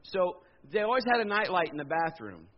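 A man in his fifties preaching a sermon, telling a personal story in an animated, jokey way and acting out the voices. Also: high-pitched, fairly quick. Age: 50s. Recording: dull lo-fi sound.

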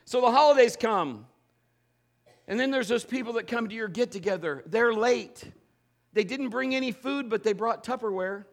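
A man's voice: very high-pitched, moderate pace. A middle-aged man, a pastor, giving a humorous sermon full of stories and acted-out quotes. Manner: storytelling with acted quotes, animated and joking.

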